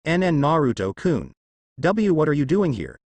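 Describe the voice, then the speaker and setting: A man lends his voice to a shy teenage girl ninja who stammers over her words. The voice rises and falls in lively turns, and the recording is close and dry with no room around it. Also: on the high side, normal speed, no echo. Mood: timid. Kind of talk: fan fiction reading.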